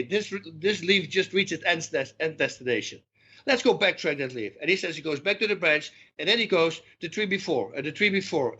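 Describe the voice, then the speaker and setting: A middle-aged man, a podcast guest, telling stories in an animated way and acting out the dialogue. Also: high-pitched, husky, muffled recording. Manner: animated storyteller who acts out dialogue. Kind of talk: storytelling interview talk.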